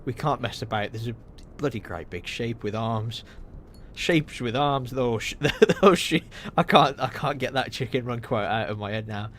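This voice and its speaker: A man giving live, excitable commentary while playing a video game, reacting loudly, swearing and laughing often. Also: medium pitch, moderate pace, slight background noise. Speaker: streamer.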